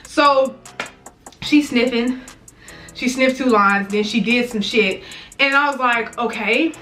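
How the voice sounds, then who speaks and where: A woman's voice: a little high, slow, bright, forceful tone, faint music behind. A young woman in her twenties, a vlogger telling a casual, profane storytime full of fillers.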